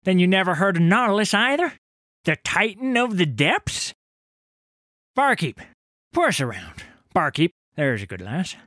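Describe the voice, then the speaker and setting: A grizzled old sailor, boastful and full of tall tales in an audio story. His voice swings widely in pitch, sinking into hushed whispers and climbing to roars, all in rough dockside dialect. The recording is dry and close, with no room sound. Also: big pitch swings, moderate pace, no echo. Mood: spinning yarn. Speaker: tavern storyteller. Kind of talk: dramatic audio story narration.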